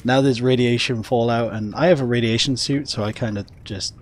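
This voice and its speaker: A man's voice: medium pitch, steady tone, fairly quick. A man with a Welsh accent giving casual gameplay commentary as a streamer, chatting with viewers and laughing often.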